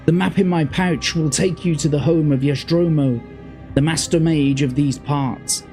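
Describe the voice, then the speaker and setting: A wounded old dwarf warrior voiced by a Birmingham man, pitched well up into a strained, high register. He raves in frantic, delirious bursts with a Birmingham accent, like a wounded fighter calling out warnings from a storybook adventure game. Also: fairly even intonation, moderate pace, warm tone, soft background music, close to an everyday voice. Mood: weak pleading.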